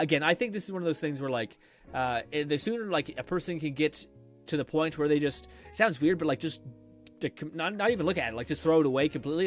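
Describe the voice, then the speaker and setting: Rambling man streamer, higher voice. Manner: rambling, many fillers and restarts. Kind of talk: casual chat reading stream comments.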